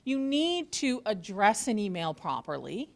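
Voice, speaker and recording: A woman's voice: mid-range voice, sing-song, measured pace, creaky. A woman college instructor giving an orientation talk to students, joking and sarcastic as she goes.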